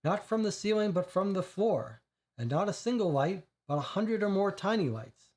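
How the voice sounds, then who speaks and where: A man with a somewhat high voice reads a crime dossier aloud in a steady, plain way. He stumbles on a word now and then and drifts into casual commentary. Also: moderate pace. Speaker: game player reading aloud.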